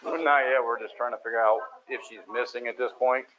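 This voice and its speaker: A police officer asking brief, matter-of-fact questions, recorded on body cam footage. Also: male voice, medium pitch, fairly even intonation, brisk, a bit bright. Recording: dull body cam audio with faint noise.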